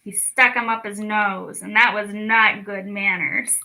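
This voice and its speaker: A young woman leading a children's lesson, stretching words out slowly and cheering the kids on. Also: medium pitch, steady tone, sharp tone, rough recording. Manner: slow, drawn-out words for children, encouraging. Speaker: speech clinic storytime teacher. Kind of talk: children's lesson, clapping out syllables.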